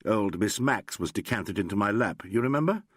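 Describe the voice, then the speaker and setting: A man voicing a calm, wry male detective who speaks crisply and courteously. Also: on the low side, normal speed, no echo, studio quality.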